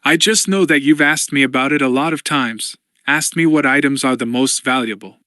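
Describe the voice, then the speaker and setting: A man voicing a weary, anxious young woman who speaks softly and hesitantly in an audiobook. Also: medium pitch, moderate pace, no echo, clean studio sound, close to an everyday voice. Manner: soft, pleading, uncertain.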